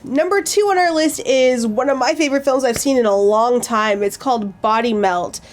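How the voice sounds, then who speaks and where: Chatty woman with a higher voice. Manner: quick, lots of "like" fillers. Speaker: podcast co-host. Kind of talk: casual chat reviewing movies.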